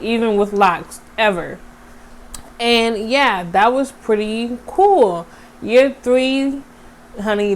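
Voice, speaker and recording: A young woman vlogger telling a casual, animated story straight to her viewers. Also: medium pitch, a little hiss or hum. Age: young adult.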